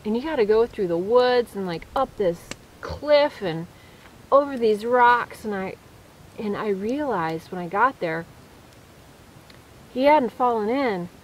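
A woman's voice: on the high side, expressive, a little slow, slight background noise, poor audio. A woman vlogger telling a story casually to her viewers while camping alone in the woods at night, chatty, with restarts and fillers. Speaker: vlogger on a solo camping trip. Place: woods at night, at a debris shelter.

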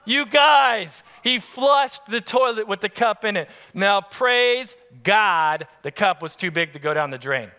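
A man preaching a sermon as pastor, telling family stories in an animated, lively way. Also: sits high, measured pace, hardly any pauses, clean tone. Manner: animated, acts out family scenes. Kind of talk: storytelling sermon. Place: church sanctuary. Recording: long church-hall reverb.

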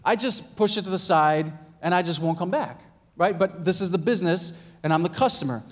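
A pastor preaching a sermon in a conversational way, acting out little scenes and asking "right?" and "Amen?". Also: male voice, sits high, expressive, fairly quick. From United States. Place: church hall.

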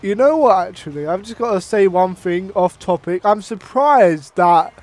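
A young Irish man commentates casually on a wrestling video game, his voice high-pitched and his pace moderate. He gets excitable and swears, breaking into bursts of mock ring announcing.

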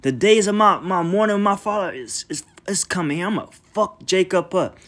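Vengeful brother, put on by a male preacher, low muttered threats, near-natural voice. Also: lively intonation, moderate pace, fairly bright tone. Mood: menacing. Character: vengeful grown man vowing to attack his brother.

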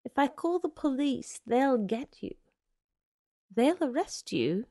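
A woman's voice: high voice, sing-song, takes it slowly, warm tone, dry recording, clean studio sound, pitched above the performer's own voice, full character voice. A woman reading aloud, voicing a scared teenage girl who pleads and warns. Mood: frightened. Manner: anxious and pleading. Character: frightened teenage girl, defiant but scared.

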